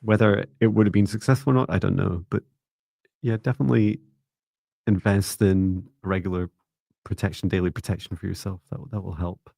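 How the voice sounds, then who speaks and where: A man co-hosting a live psychic reading stream, talking calmly and reassuringly and calling out to viewers. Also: low-pitched, brisk, creaky, no echo, studio quality. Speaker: psychic reader, livestream co-host.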